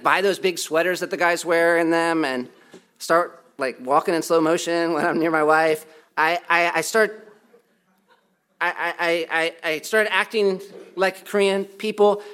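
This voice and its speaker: A man's voice: sits high, pushed and bright, clean tone. A man preaching a sermon as pastor, emphatic and repetitive, with self-deprecating humor. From United States.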